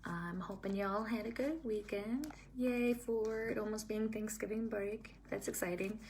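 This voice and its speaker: A young woman, a childhood teacher calmly explaining steps to colleagues. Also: medium pitch, a little slow, slight background noise. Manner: calm, steady, explains step by step. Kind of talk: scripted-feeling teaching talk to staff.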